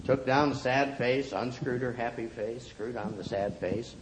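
A man telling a story aloud in an expressive, playful way, acting out the characters. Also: on the low side, moderate pace, low-quality recording. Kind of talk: oral storytelling.

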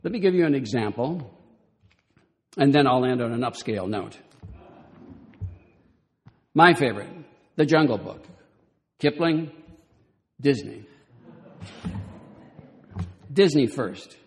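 An older man from Southern California speaks with wry, measured timing in a middling voice. His words ring out into a long hall reverb, and he reads aloud with expression. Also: mid-range voice, expressive. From Southern California, USA. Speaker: speaker on children's literature. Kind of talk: lecture with read-aloud passages.

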